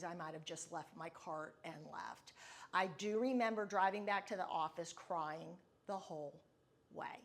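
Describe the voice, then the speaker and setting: A woman's voice: mid-range voice, fairly bright tone. A middle-aged woman hosting a podcast, telling a personal story in a candid, confiding and reflective way. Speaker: podcast host.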